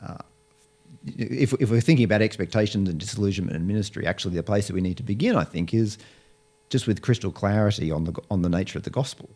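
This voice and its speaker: A man's voice: lowish voice, quick pace, a little mellow. A man speaking as an interview guest, explaining his views in a thoughtful way with frequent restarts. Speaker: Bible college lecturer, guest. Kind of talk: conversational interview.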